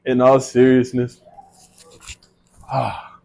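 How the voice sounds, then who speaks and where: A man's voice: medium pitch, brisk. A man vlogging a casual monologue about manifestation on a small personal mic, joking and swearing freely. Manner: profane, joking, conversational.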